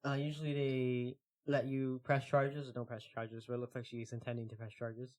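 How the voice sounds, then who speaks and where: A man co-hosting a podcast, chatting casually and reading stories aloud at a slow, relaxed pace with lots of fillers. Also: medium pitch. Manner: relaxed, filler-heavy, reads stories slowly. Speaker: podcast co-host.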